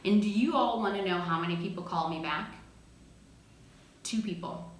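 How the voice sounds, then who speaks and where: A woman's voice: medium pitch, normal speed. Emphatic woman speaker in an echoey room. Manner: energetic, emphatic, slangy. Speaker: motivational speaker. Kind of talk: motivational talk.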